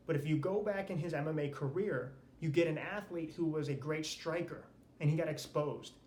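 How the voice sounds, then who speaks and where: A man hosts a solo sports podcast, ranting with firm emphasis and repeating his main points. His voice sits slightly high. The room sounds echoey, with a little background noise. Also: darkish tone. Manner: emphatic, repeats key phrases for effect. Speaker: podcast host. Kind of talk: solo sports commentary rant. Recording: roomy, with faint background noise.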